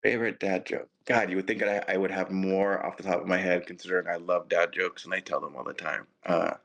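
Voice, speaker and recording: A middle-aged man speaks as a podcast guest in a rather low voice. He stumbles through restarts and pokes fun at himself while he tells a story. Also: steady tone, gravelly, fairly bright tone, rough recording. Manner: halting, self-deprecating storyteller with restarts. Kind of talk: casual chat.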